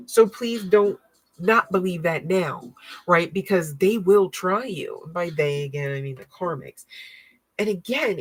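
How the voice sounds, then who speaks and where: A woman's voice: on the low side, fairly bright tone, slightly rough, poor audio. A woman giving a casual tarot reading in a blunt, profane, slangy way, often laughing. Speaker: tarot card reader.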